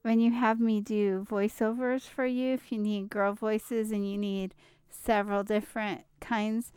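A woman co-hosting a podcast in casual chat, playful and quick to laugh. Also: mid-range voice, flat delivery, darkish tone, clean tone, dry recording. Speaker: podcast co-host.

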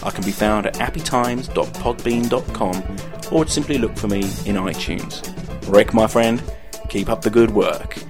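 A man's voice: fairly low pitch, normal speed, over music. A man recording a friendly promo for his own podcast. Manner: friendly, folksy. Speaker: podcast host sending a promo.

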